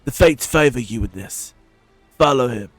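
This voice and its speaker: A man voicing a calm, wise monk mentor in a video game, speaking in a measured, solemn way. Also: mid-range voice, faint music behind, poor audio.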